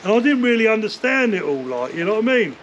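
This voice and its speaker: An older man spins long, rambling stories in an interview, swearing freely and leaning on "like" and "you know." His voice sits high for a man. The recording is dull and lo-fi, with a faint hiss behind it. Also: very animated, fast talker. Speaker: interview guest, former bare-knuckle fighter. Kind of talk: casual storytelling interview. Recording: dull lo-fi sound with faint noise.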